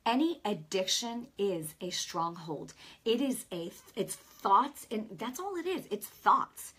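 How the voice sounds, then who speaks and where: A woman's voice: medium pitch, big pitch swings, slow pace, a bit bright, slightly rough. A middle-aged woman hosting a Christian broadcast, preaching straight to viewers in a conversational, emphatic way. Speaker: host and Christian teacher. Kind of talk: preaching to camera.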